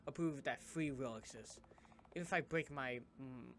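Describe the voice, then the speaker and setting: A man's voice: medium pitch, fairly quick, a little hiss or hum. A man playing a story game, reading its text aloud in an earnest way as he plays. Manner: earnest narration with sudden loud reactions.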